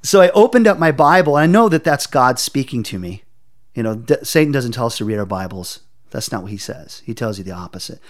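A man telling a personal testimony in an interview, earnest and intense, often halting and repeating words as he searches for them. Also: medium pitch, lively intonation. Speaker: interview guest.

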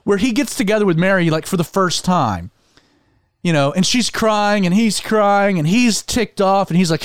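High-voiced man talking animatedly. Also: normal speed, clean tone, dry recording, studio quality. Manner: animated, with many fillers and restarts. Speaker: podcast host. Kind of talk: casual religious discussion.

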